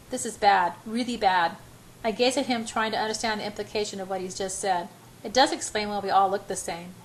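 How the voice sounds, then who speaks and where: A woman's voice: mid-range voice, a little hiss or hum, poor audio. A woman reading a first-person romance novel aloud in a breathless, emotional way. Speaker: audiobook reader.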